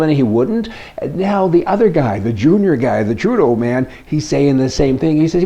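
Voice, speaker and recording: A man's voice: on the high side, animated, a little fast, warm tone. An older man hosting casual political commentary in a folksy, blunt and sarcastic way. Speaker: commentary host.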